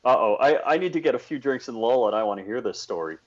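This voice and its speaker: A man's voice: medium pitch, expressive, quick pace. A man co-hosting a podcast in casual chat, teasing and reading out listener comments. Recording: dull lo-fi sound.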